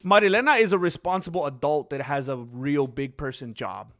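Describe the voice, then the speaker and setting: A man talks in a loose, rambling way on his own livestream. He sits at a desk mic, his voice sits a little high, and he keeps turning to greet viewers in the chat. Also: a little fast, fairly bright tone. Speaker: livestream host.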